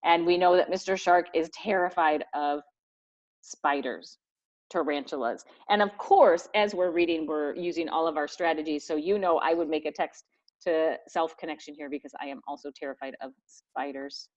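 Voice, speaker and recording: A woman's voice: low-pitched, moderate pace, darkish tone. A woman teacher reading a book aloud to her students and explaining as she goes. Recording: dull lo-fi recording.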